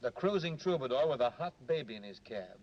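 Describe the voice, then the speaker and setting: A breezy crooner cabbie, lively delivery, 1930s film sound. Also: male voice, medium pitch, fairly quick. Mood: teasing. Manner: breezy, joking, chatty. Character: easygoing young male cab driver and crooner. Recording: dull old film soundtrack with hiss.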